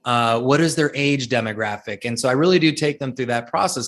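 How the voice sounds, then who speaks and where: A man, a guest speaker and author, telling stories in an interview, acting out the people he quotes and often restarting his sentences. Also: medium pitch. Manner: animated storyteller, acts out quoted people, many restarts. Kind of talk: storytelling interview answers.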